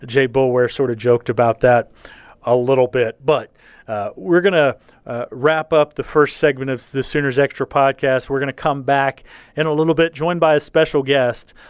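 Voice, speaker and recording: A man hosts a relaxed sports podcast in a mid-pitched voice. He talks things through slowly, stopping often for fillers and restarts. The recording is dry, with no room sound. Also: clean tone, dry recording. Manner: halting, many fillers and restarts. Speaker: podcast host. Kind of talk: casual sports podcast chat.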